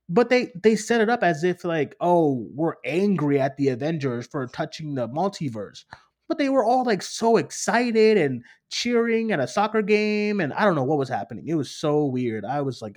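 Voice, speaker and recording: A man hosting a loose movie-talk show, with a voice pitched a bit above the usual. He rambles and gets animated, often acting out what other people said. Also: moderate pace. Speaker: podcast host. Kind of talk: casual movie chat.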